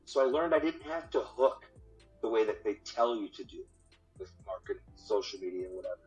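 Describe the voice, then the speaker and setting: A man's voice: on the low side, animated, fairly quick, darkish tone. A man guest in an interview, talking casually and with energy, swearing freely and repeating words, about marriage. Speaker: podcast guest, marriage coach. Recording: dull lo-fi audio with faint music.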